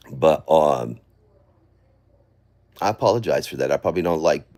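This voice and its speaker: A man's voice: rumbling low, very animated, a little slow, darkish tone. A man livestreaming an emotional apology from his phone at home, frustrated and swearing, muttering to himself.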